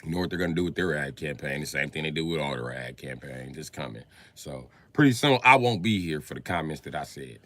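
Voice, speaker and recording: A man talking alone on his livestream in a profane rant, swinging from low muttering to loud shouting. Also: animated, quick pace, few pauses. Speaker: livestream host. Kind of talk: livestream monologue.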